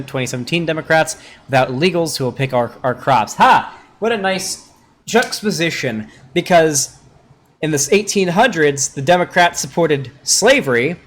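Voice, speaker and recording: Man, streamer, casual commentary, sarcastic, rambling, slightly high voice. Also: a bit bright. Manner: rambling, sarcastic, swears a lot. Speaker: streamer reacting to a video.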